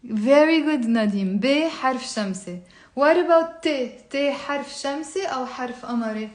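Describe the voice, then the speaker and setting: A woman's voice: high-pitched, expressive, fast, darkish tone. A woman with a Lebanese accent teaching a live online language lesson, drilling words aloud and quizzing the chat. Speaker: Arabic teacher. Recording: very echoey room.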